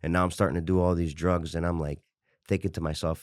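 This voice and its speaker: A deep-voiced fitness coach in his forties, the guest in an interview, speaks quickly with a flat delivery on a dry recording. His candid personal story still comes out passionate and rambling, with restarts and profanity.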